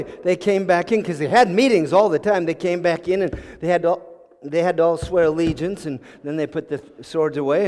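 High-pitched, animated male storyteller preaching, chuckly and halting, in a reverberant hall. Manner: chuckling, repeats his words while searching for them. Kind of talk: storytelling sermon.

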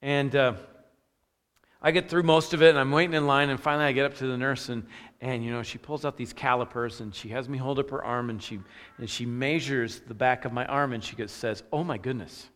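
A man's voice: medium pitch, steady tone, a little fast, a bit bright. A man preaching a sermon as a pastor, telling a self-deprecating story with restarts and fillers before moving into scripture. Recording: long hall reverb.

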